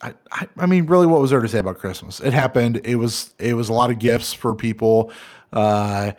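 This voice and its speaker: A man's voice: medium pitch, fairly quick, darkish tone, dry recording, studio quality. Guy in his 30s cohosting a chill podcast, cusses a lot, jokey, regular mid voice. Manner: profane, joking, laughs often. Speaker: podcast co-host. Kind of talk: casual podcast banter.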